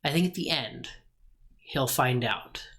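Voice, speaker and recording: A podcast co-host talking slowly and easily, with a mid-range voice. The tone is relaxed as they add ideas and back up the other host. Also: mid-range voice. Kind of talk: casual brainstorming chat.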